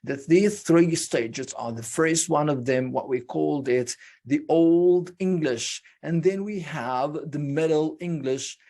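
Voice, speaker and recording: A teacher leads an online pronunciation lesson at a very unhurried pace, in a mid-range voice. Each sound is repeated and drilled carefully, and explanations come step by step, framed by questions the teacher asks and then answers. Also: mid-range voice, darkish tone. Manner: slow and deliberate, drilling sounds with many repetitions. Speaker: English speaking teacher.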